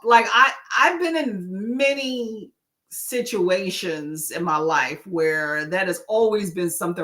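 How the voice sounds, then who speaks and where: A woman hosting a livestream, chatting casually with viewers and telling stories in an animated way. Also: medium pitch. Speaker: livestream host; nurse.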